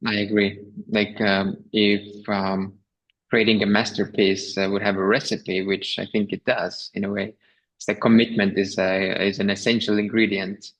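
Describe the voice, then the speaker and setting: A man hosting a podcast speaks in a reflective, halting way, searching for his words and restarting phrases. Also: lowish voice, level tone, a bit bright, low-quality recording. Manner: hesitant, many fillers and restarts, reflective. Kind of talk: conversational podcast talk.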